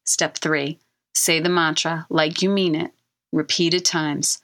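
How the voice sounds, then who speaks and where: A woman's voice: low voice, little pitch movement, takes it slowly, fairly bright tone. A middle-aged woman hosting a self-help podcast, coaching listeners earnestly and repeating key phrases for emphasis. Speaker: podcast host and author.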